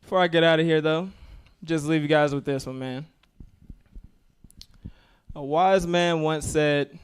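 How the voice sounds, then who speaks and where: Rich: A man doing a stand-up set in a fairly high, smooth voice. He delivers coarse, profane jokes in an easy, laid-back way. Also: fairly even intonation, unhurried, long pauses. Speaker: stand-up comedian.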